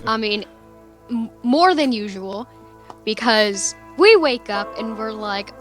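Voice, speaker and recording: Slow, sleepy young woman recapping. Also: fairly high pitch, expressive, soft background music. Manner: laid-back, sleepy, swears casually. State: sleep deprived. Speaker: player giving the recap. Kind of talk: casual recap of a tabletop game.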